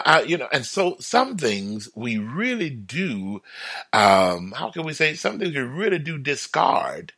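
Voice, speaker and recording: Male broadcast speaker, motivational talk, bright and animated, given to chuckles. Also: medium pitch, breathy edge. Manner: animated, acts out everyday quotes, chuckles often.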